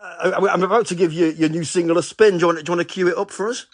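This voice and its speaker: A man with a soft Scouse accent presenting a radio show, laughing and encouraging his guest. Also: sits high, steady tone, rapid-fire, no room sound, studio quality. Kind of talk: casual radio interview.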